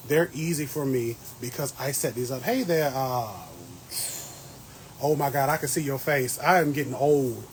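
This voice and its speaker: A man's voice: medium pitch, moderate pace, slight background noise, rough recording. A man in his thirties hosting a casual gardening livestream outdoors, chatty and playful as he greets viewers by name. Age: 30s. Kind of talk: casual live-stream chat. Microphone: phone livestream.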